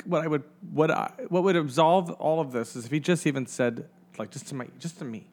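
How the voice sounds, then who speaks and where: A man's voice: a little high, brisk, darkish tone. A man with a slightly raised voice holds forth in a loose podcast conversation. He wanders from thought to thought, swears freely, and keeps stopping to restart his sentences. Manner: rambling, profane, lots of restarts. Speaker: podcast co-host. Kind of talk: casual podcast chat.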